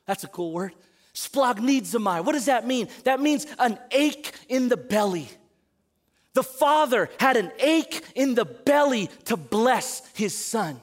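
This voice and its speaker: A man preaching a sermon to a congregation, animated, moving between loud emphatic calls and quiet asides. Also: very high voice, takes it slowly. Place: church service in front of a congregation.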